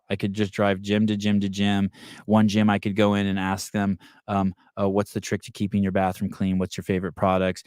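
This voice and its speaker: A podcast host with a smooth, lowish voice rants casually and swears constantly, in a dry, studio-quality recording.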